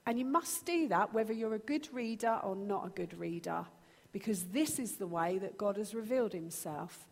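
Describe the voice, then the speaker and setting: A woman in her thirties preaching a sermon, earnest and animated, acting out her own pleas to God. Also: medium pitch. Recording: long hall reverb.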